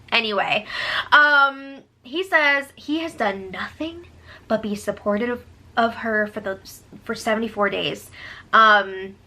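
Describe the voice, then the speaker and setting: Bright, gossipy woman recapping. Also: fairly high pitch, slow pace. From United States. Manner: gossipy, sarcastic, exclaims in disbelief. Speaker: host recapping a reality show. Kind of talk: casual chat recap.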